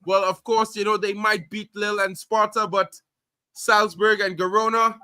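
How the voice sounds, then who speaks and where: A man streaming casual football chat, animated and slangy, calling everyone bro. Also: high voice, normal speed, smooth, dry recording. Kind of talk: casual live commentary.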